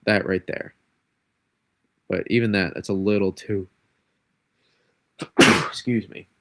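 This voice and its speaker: Stuffy male weather streamer with a cold, rambling, self-correcting, gravelly, dry close mic. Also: fairly low pitch, steady tone, slow, bright, forceful tone, no echo. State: congested from a cold. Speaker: weather forecaster. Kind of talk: live-stream weather model breakdown.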